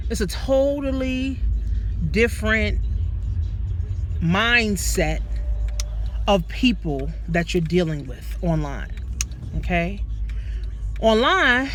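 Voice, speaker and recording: Brief: woman business coach, lively and profane, motivational talk to camera. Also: fairly high pitch. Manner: animated and profane, addresses listeners as guys.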